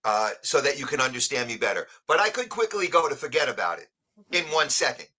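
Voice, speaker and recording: A man from New York with a New York accent, chatting casually as a guest on a live stream, telling stories in an animated way. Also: mid-range voice, fast.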